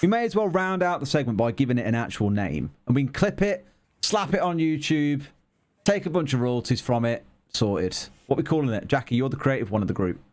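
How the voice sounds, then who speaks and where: A man's voice: medium pitch, animated, fairly quick, a little mellow. Chatty esports caster, man. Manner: chatty, teasing. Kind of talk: casual banter between matches.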